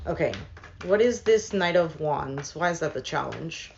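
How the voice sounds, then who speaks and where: A woman's voice: deep voice, lively intonation, unhurried, vocal fry, a little mellow, muffled recording, slight background noise. A woman reading tarot cards for her viewers in a casual, thinking-aloud way, with many fillers and asides. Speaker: tarot reader.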